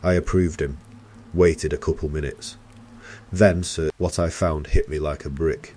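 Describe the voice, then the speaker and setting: A man narrating a first-person horror story in a steady, tense storytelling manner. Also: a bass voice, unhurried.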